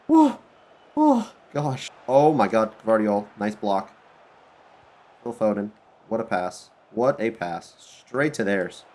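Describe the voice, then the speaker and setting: A man commentating his football video game career mode, excitable and swinging between groans and outbursts at his players. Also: lowish voice. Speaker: gaming YouTuber.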